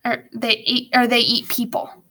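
A woman's voice: on the high side, monotone, moderate pace, sharp tone. Woman voicing a gloomy, know-it-all orphan boy.

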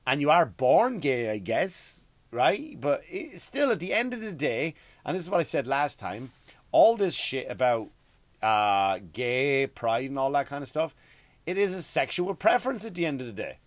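A man's voice: a little high, very animated, normal speed, dry recording. A middle-aged man from Ireland with an Irish accent, hosting a comedic rant podcast in a crude, rambling, profane way. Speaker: podcast host.

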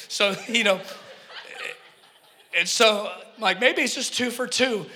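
A man preaching with a high, ringing voice, earnest and emphatic, and he often turns to the congregation with a joke. The sound carries a long reverb from a church hall. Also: lively intonation, a little slow, pauses often, pushed and bright. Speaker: pastor. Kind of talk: sermon with personal storytelling.

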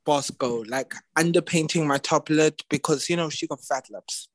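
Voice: mid-range voice, normal speed. A podcast co-host in campy, playful casual chat about a TV show.

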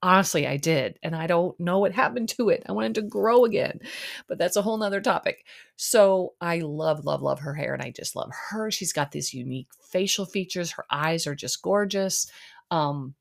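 Low-voiced chatty woman podcaster. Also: expressive, normal speed, gravelly. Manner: chatty, opinionated, lots of fillers. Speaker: podcast host. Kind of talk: casual reality-TV recap.

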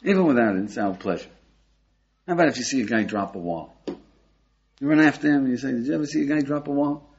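Here an older rabbi from the United States teaches a lively Torah class in a husky, mid-range male voice, talking fast but leaving long pauses. He's animated, questions his audience and says "yeah?" often, all on a dull lo-fi lecture tape.

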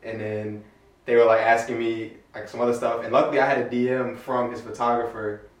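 A young man telling a story in casual chat, animated and laughing, acting out quotes. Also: mid-range voice, brisk, far from the mic. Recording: roomy sound from off-mic.

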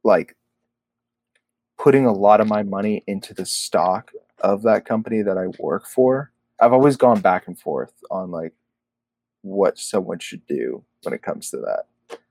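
Male co-host, low voice, dry close sound, chatty and filler-heavy. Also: lively intonation, a little slow, gravelly, a little mellow, no echo. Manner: rambling, filler-heavy, full of "like" and "you know". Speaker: podcast co-host. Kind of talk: casual chat.

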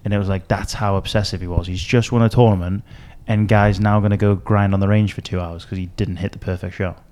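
A man's voice: lowish voice, fairly even intonation, fast talker, a little mellow. A man co-hosting a podcast, telling a long story in casual chat with many fillers and restarts. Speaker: podcast co-host.

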